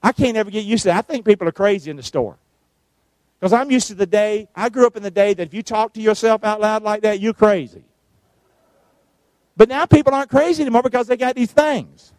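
A middle-aged man preaches with emphatic, call-and-response energy. His voice sits high for a man. The sound is close and dry, with no room around it. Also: brisk, darkish tone, no room sound. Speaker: pastor. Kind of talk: sermon.

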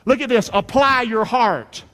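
A middle-aged male pastor preaching a sermon in a folksy way, rising to shouts and dropping to near-whispers. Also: extremely high pitch, a little slow. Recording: long hall reverb.

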